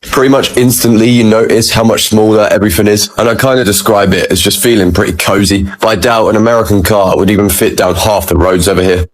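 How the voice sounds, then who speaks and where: Calm low-voiced man. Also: quick pace, few pauses. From England. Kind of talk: reflective vlog.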